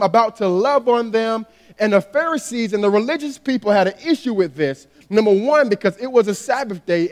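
A man with a noticeably high voice delivers a sermon, talking easily like he's chatting with friends and peppering it with "you know". His voice rings out with a long hall reverb. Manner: conversational, storytelling, frequent "you know". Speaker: pastor.

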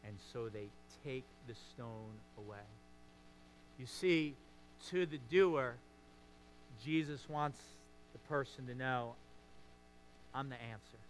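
A man preaching a sermon as a pastor, swinging between hushed, intimate stretches and emphatic, rising passages. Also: medium pitch, animated, unhurried, slight background noise.

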